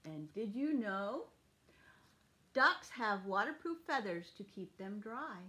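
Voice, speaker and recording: A woman preschool teacher reading a picture book aloud to children in a clear, sing-song teaching voice. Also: medium pitch, very animated, slow, bright, forceful tone.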